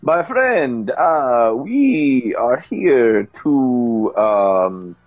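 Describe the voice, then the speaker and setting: Stiff, courteous foreign tough, played by a man, drawn-out words, husky and lowish. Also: expressive, dry recording, muffled recording, faint music behind, exaggerated voice. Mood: stiff polite. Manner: very slow, stiff, overly polite wording. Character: slow formal foreign male smuggler, stiff and polite.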